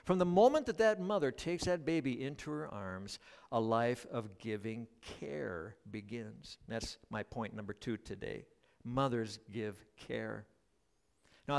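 A middle-aged male pastor preaching a sermon at a church service, joking with the congregation as an animated storyteller. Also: medium pitch. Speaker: guest pastor.

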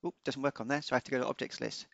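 Male tutorial presenter, relaxed unscripted delivery, raspy edge, dry close voice-over. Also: medium pitch, rapid-fire, no room sound, dull audio. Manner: relaxed, unscripted, with frequent ums and small self-corrections. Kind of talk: screen-recorded software walkthrough.

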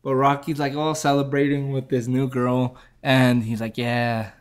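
A man's voice: medium pitch, little pitch movement, moderate pace. A man casually retelling a movie's plot, rambling with lots of fillers and chuckling at his own jokes. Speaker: movie reviewer.

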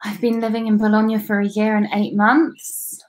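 A young woman from London with a British accent co-hosting a casual live webinar, relaxed, with brief replies. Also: medium pitch, moderate pace. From London, England. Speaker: webinar co-host.

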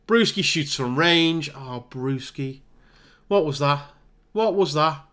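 Exasperated gamer commentating a match; bright, slightly high voice. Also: male voice. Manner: exasperated, animated play-by-play. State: hay fever. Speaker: gaming YouTuber. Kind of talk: live game commentary.

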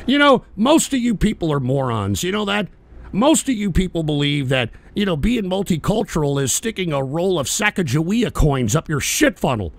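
A male talk show host ranting at his audience in a profane, combative way, often shouting. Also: a little high, very animated, normal speed, creaky, dry recording. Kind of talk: live call-in talk show rant.

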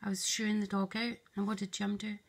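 Woman, confiding rambling monologue, husky, flat delivery, slips into whispers. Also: medium pitch, brisk. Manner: hushed, often drops to a whisper; meandering and confiding, voices both sides of an imagined dialogue. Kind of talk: rambling spoken monologue to camera.

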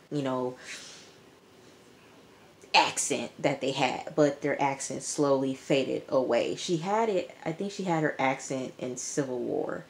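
A woman giving a chatty, animated recap of a TV episode to her viewers, talking to them directly. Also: very deep voice, a little hiss or hum. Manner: chatty, animated storytelling, addresses viewers as y'all. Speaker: TV episode reviewer. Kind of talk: casual recap vlog.

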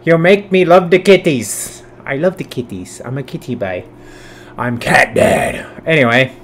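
A man hosting a reaction video in casual, profane commentary, swinging between loud outbursts and low mutters, sometimes cooing baby talk at his cat. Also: big pitch swings, moderate pace, a little hiss or hum.

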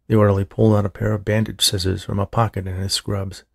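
A man reading a horror story aloud as narrator, steady and measured, with a husky, creaky voice. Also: lowish voice, no echo, clean studio sound. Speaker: audiobook narrator.

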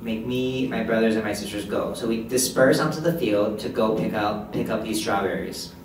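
A man's voice: on the low side, normal speed. A man voicing a deaf presenter's signed story in first person as a live interpreter, with short restarts. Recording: echoey hall, distant mic, background noise.

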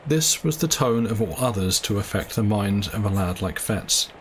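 A man reading a classic short story aloud in a steady storytelling manner. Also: fairly low pitch, moderate pace, a little hiss or hum, rough recording. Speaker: audiobook reader.

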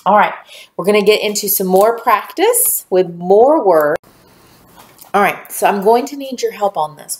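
Woman teacher giving a recorded lesson to small kids; patient and clear, mid-pitched, roomy echo. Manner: slow, clear, encouraging teacher talk to young children.

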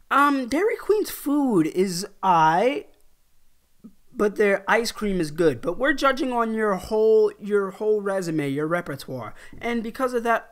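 A man's voice: high-pitched, a bit bright. Laid-back New York guy. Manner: offhand, keeps adding "all right?". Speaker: YouTuber. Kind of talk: casual ranking vlog.

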